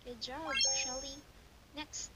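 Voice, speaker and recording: A young woman teaching English online, giving a child a demo lesson with slow, exaggerated, sing-song praise. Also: high voice, fairly even intonation. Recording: hissy home recording.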